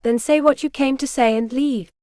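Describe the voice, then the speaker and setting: Lady reading a young noble lady, guarded and determined, smooth clear voice. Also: high voice, moderate pace, a little mellow, dry recording, studio quality, lightly acted. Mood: resolute. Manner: resolute, guarded.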